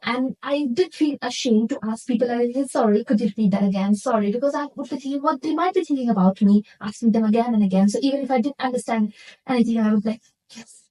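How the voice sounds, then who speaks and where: A woman's voice: a little high, fast, dark tone, poor audio. A woman from India, a nurse interviewing a guest and earnestly reflecting on her own experiences. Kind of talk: casual interview chat.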